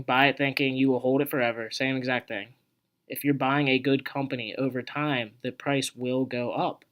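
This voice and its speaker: A man's voice: medium pitch, fairly bright tone. Rambling, conversational young man. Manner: rambling and conversational, with many asides and filler words. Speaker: investing video host. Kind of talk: casual explainer walking through a stock chart.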